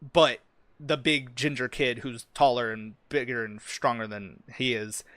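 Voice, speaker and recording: A young man talks loosely about his own fantasy world, peppering it with curse words, ums and likes. His voice sits at an ordinary middle pitch. The sound is dry and close, with no room around it. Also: fairly even intonation, measured pace, a bit bright, no room sound. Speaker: streamer and fantasy writer. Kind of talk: casual chat about a fantasy story.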